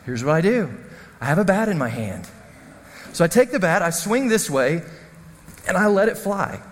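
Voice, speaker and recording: A man preaching a sermon as the pastor, telling stories in an animated, self-mocking way. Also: high-pitched, moderate pace, big-room sound. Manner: storytelling, animated, self-deprecating.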